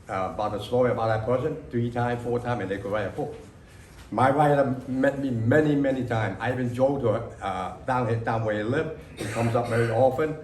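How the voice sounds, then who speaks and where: A man, an author recalling his past to a library audience, talking haltingly with many fillers and broken grammar. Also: medium pitch, a little hiss or hum. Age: 60s. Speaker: author at a book reading. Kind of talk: casual spoken memories to an audience. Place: library reading room. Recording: echoey room.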